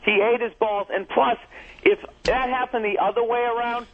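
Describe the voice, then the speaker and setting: A man's voice: extremely high pitch, fairly even intonation, normal speed. A man comedian ranting profanely and defensively in a heated on-air argument, heard over a tinny phone line. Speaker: comedian guest.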